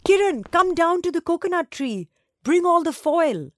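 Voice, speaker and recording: Lady doing a little girl in a storybook, high and whiny, bouncy up and down. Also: sing-song, brisk, a little mellow, no room sound, clean studio sound. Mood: eager, tearful. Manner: high and pleading. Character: young girl, upset and eager.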